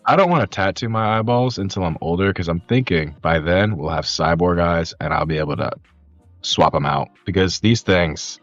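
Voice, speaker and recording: A man in his thirties co-hosting a podcast, chatting casually in an excitable way, swearing freely. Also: sits low, normal speed, highs cut off, faint music behind. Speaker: podcast co-host. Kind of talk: casual chat.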